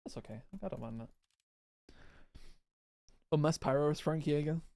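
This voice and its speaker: Male gaming creator, casual chatter, slightly high voice, clean and resonant. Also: normal speed, gravelly, a little mellow, no echo. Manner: rambling, answers chat, restarts often. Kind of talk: casual live gameplay chat.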